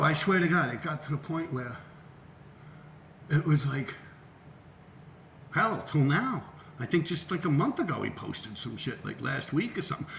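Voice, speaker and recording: A middle-aged man telling a profane, animated story about his graffiti past and acting out the voices of people he quotes. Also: fairly high pitch, creaky, roomy sound, a little hiss or hum. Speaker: graffiti writer and show host. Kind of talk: casual storytelling.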